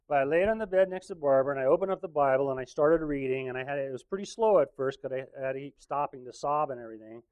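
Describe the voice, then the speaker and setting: A man's voice: a little high, no echo, highs cut off. A middle-aged man preaching a sermon as a personal testimony, in a conversational, self-deprecating way, laughing now and then at his own stories.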